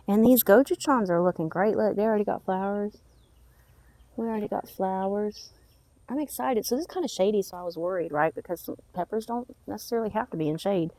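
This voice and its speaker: A woman's voice: medium pitch, dry recording. A woman gives a casual walk-through of her backyard garden, chatting and muttering at her plants as she goes. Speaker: gardening vlogger.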